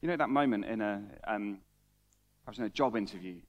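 A man's voice: fairly low pitch, fairly quick, lo-fi sound. A man preaching a conversational sermon, reading scripture aloud and often repeating words as he talks.

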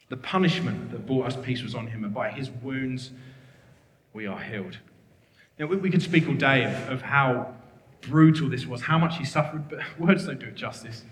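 A man's voice: medium pitch, a bit bright, a little hiss or hum. A man preaching a sermon, earnest and emphatic, rattling off scripture references. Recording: echoey hall with long reverb.

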